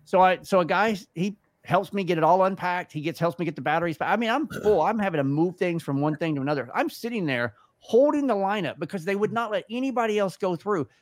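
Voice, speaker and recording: A man's voice: sits high, fast talker, hardly any pauses, no echo. A man co-hosting a podcast, telling a story in casual chat and acting out the other people's lines. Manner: animated, acts out quoted dialogue. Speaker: podcast co-host.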